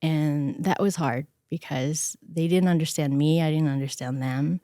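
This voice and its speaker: A middle-aged woman telling personal stories in an interview, animated and acting out the voices of the people she quotes. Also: deep voice, a little slow, dry recording, studio quality. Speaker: interview guest. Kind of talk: conversational storytelling.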